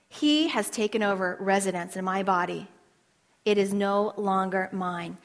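A woman teaching a women's Bible study with passion, swinging between loud declarations and hushed asides and asking her listeners questions for a response. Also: mid-range voice, measured pace, in a large hall. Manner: asks the audience questions for response. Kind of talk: passionate sermon.

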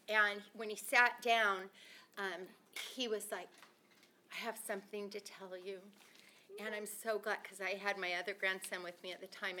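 An older woman tells a family story in an earnest, heartfelt way, often quoting her own words. Her voice is bright and clear at an ordinary pitch, with a faint hum of ambient noise behind her. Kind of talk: casual conversational talk.

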